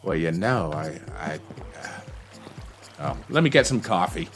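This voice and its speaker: A man's voice: low voice, animated, measured pace, soft background music. A man streaming a game, rambling to himself and greeting chat as he plays. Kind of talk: casual gameplay commentary.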